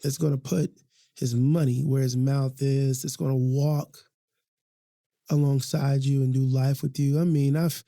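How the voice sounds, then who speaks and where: A man's voice: medium pitch, flat delivery, a little slow, vocal fry, warm tone, dry recording. A man hosting a podcast in a recording studio, talking in a casual, passionate, slangy way and often repeating himself. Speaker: podcast host. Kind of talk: casual, heartfelt podcast talk.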